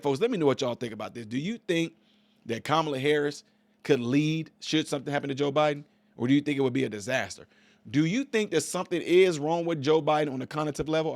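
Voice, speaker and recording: A man's voice: medium pitch, no room sound. A man hosting his own channel, giving emphatic political commentary straight to his viewers and closing with a sermon-like blessing. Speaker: channel host.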